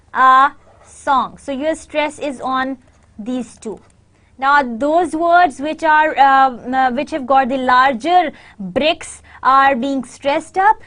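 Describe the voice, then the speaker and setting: A woman lecturing on pronunciation, explaining with many fillers and slowly modelling example words. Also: high-pitched, fairly bright tone. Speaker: university lecturer. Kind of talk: recorded lecture.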